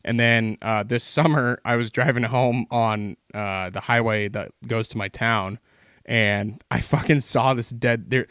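A man's voice: medium pitch, steady tone, a little slow, fairly bright tone, clean tone, dry recording, studio quality. A man telling long, rambling stories in casual podcast chat, swearing constantly as he goes.

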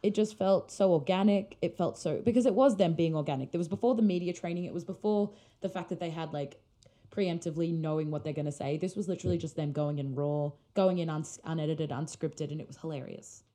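A woman's voice: sits low, brisk, mellow. A young woman co-hosting a podcast, chatting casually and gushing like a fan. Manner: chatty, gushing fan talk with many fillers. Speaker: podcast co-host. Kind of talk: casual chat.

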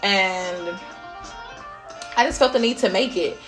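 A woman hosts a podcast, giving a casual spiritual pep talk in a blunt style and swearing freely. Her medium-pitched voice is slow and a bit bright, with faint music in the background.

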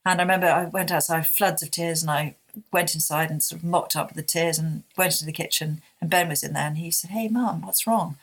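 A woman in her fifties, a guest speaking candidly and heartfelt in an interview, often halting and restarting. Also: sits low, flat delivery, fairly bright tone.

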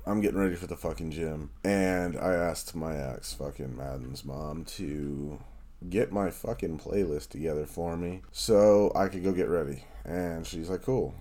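A man's voice: extremely low pitch, warm tone. A man hosting a podcast, chatting casually and ranting with heavy swearing. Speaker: podcast host. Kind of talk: casual chat.

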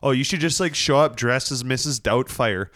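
A man's voice: mid-range voice, normal speed, fairly bright tone, no room sound, clean studio sound. A man hosting a casual chat with friends, telling rambling stories and laughing often.

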